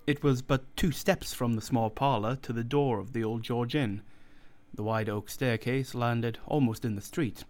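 Male narrator, audiobook reading, measured, deliberate, mid-pitched voice. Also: steady tone, a little mellow.

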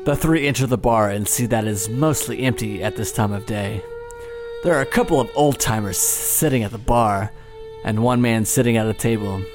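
A man's voice: fairly low pitch, normal speed, over music. A man narrating as game master of a tabletop game, joking and swearing between his lines.

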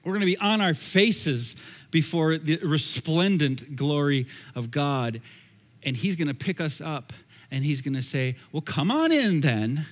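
A pastor with a voice on the high side preaches at a measured pace, conversational and repeating phrases. The sermon is recorded in a church sanctuary with long, echoey hall reverb.

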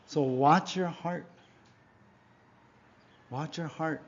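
A man's voice: lively intonation, a little slow, pauses often. Emphatic preaching man, dull lo-fi sound. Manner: emphatic preaching, frequent rhetorical "right?" and "yeah?"; swings between loud exhortation and quiet low asides. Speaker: pastor. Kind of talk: sermon. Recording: dull lo-fi recording.

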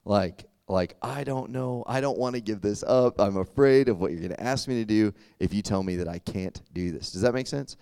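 A young male preacher talks to a youth crowd as if chatting with friends, full of fillers and quick check-ins. His voice sits a little low and sounds smooth. The recording is dry and close. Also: warm tone, no room sound. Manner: conversational, filler-heavy, often asks "does that make sense?". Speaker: youth pastor. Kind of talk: casual sermon.

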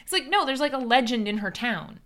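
Bright-voiced woman chatting wryly. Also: fairly high pitch, animated, a little fast. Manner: chatty, wry, many "like"s. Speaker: podcast co-host. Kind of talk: casual chat recapping a film.

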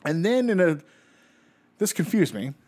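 Male podcast co-host, slightly higher voice, lively casual recapper. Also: measured pace. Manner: animated storyteller, laughs often, acts out quotes. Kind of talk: casual chat.

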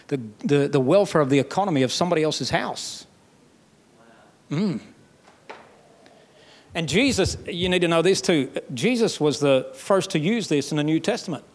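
This is a sermon from a man with a Southern US accent and a rather high voice. Folksy and forceful, the pastor keeps building into loud passages that rise in pitch.

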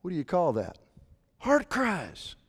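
A man preaching a sermon, swinging from fervent, raised delivery to quiet asides while reading scripture. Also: high voice, huge pitch swings, slow, breathy edge, long reverb tail. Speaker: pastor.

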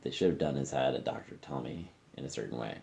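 A man's voice: extremely low pitch, quick pace, vocal fry, a little mellow. A man hosting a podcast, talking candidly in a casual conversation in a friend's living room, swearing freely and trailing off with fillers. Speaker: podcast host.

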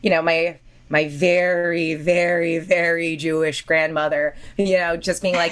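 A woman voice actor talking casually on a podcast, chatty and full of quick restarts and laughs. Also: fairly low pitch, steady tone. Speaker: voice actor guest.

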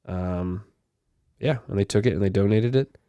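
A young man co-hosts a casual podcast, reading news items aloud and stopping for loose asides. His voice sits a little low and mellow in tone. The sound is close and dry. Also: normal speed, clean tone, dry recording, highs cut off. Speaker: podcast co-host.

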